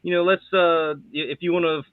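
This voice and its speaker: A man's voice: a little high, steady tone, fairly quick, smooth, no echo. A man hosting a casual video chat, rambling and making puns. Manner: punning, rambling. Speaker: host. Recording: tinny dry phone-like audio.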